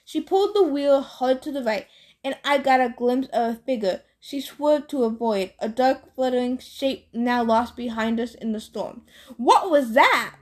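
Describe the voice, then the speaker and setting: A woman reading a novel aloud in a plain, steady storytelling manner. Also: on the high side, moderate pace. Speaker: audiobook reader.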